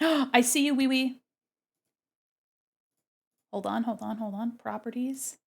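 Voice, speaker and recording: Woman, livestreaming artist, slightly high voice, unhurried, chatty and playful. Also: creaky, darkish tone. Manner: chatty, narrates her own actions, playful. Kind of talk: casual chat while drawing.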